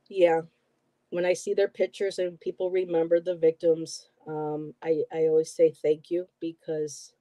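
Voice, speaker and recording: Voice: medium pitch, warm tone, no room sound. A middle-aged host from the Buffalo area, chatting casually and telling stories with lots of "um" and "you know". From Buffalo, New York area. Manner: rambling, emotional storytelling with many fillers. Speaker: host, tarot reader. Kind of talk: casual chat.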